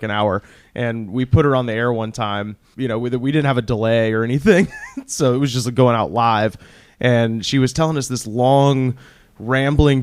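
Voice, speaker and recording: A man's voice: medium pitch, smooth. A man co-hosting a podcast, telling a rambling, laughing anecdote in casual talk. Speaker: podcast co-host. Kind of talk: casual storytelling.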